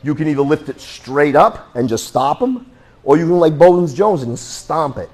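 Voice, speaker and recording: A man teaching a self-defense class in a blunt, joking, animated way. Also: a little high, normal speed. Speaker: martial arts instructor.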